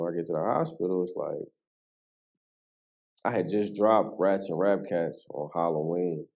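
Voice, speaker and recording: A man telling a personal story in casual street slang, full of "you know what I'm saying" and animated as he relives what happened. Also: low voice, vocal fry. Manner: animated, voice rises sharply when reliving the moment. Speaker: podcast guest.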